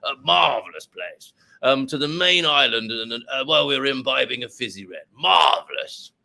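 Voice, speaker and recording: A man's voice: medium pitch, expressive, normal speed, creaky, sharp tone, full character voice. Guy doing a stuffy old army colonel, pompous and plummy, reminiscing grandly. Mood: nostalgic.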